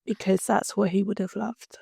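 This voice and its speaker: A woman co-hosting a podcast, telling a story in animated casual chat, swearing freely and acting out the people she quotes. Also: mid-range voice, normal speed, vocal fry, breathy edge, dry recording, clean studio sound. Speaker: podcast co-host.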